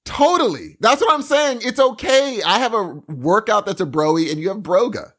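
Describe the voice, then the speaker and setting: A man's voice: high-pitched, expressive, normal speed, fairly bright tone. A man co-hosting a podcast in casual chat, playful and teasing, laughing easily. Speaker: podcast co-host.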